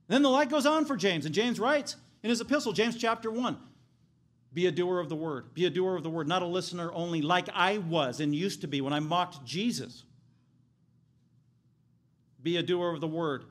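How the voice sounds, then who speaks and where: A man's voice: high-pitched, moderate pace, long pauses. A man preaching a sermon in an emphatic, rising and falling delivery. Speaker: pastor.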